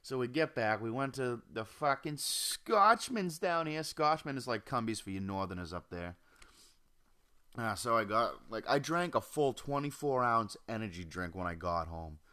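Speaking into a home desk mic, a young man rants casually on his own solo podcast in a mid-range, sharp-toned voice with lively intonation at normal speed. He swears constantly, rambles, and jumps from topic to topic.

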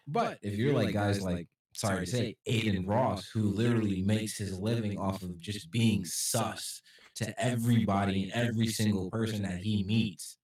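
A man's voice: fairly low pitch, moderate pace, darkish tone, distant mic. A man co-hosting a casual podcast chat who acts out what people say as he tells stories. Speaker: podcast co-host. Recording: echoey room, off the mic.

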